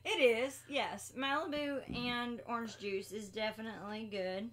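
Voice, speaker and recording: A woman's voice: a little high, measured pace, a little hiss or hum. A woman co-hosting a casual live stream, teasing her partner and laughing often. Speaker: co-host of a homestead live stream. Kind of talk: casual chat.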